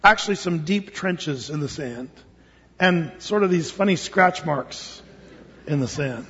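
A man preaching a sermon, telling stories in an animated way, acting out voices, often repeating words as he goes. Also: fairly high pitch, measured pace, husky. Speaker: pastor. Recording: dull sound with long hall reverb.

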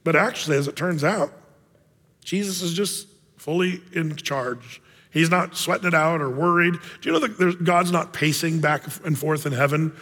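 A man preaching a sermon as a pastor, casual and animated, acting out the voices of the people in his story. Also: a little high, normal speed, in a large hall.

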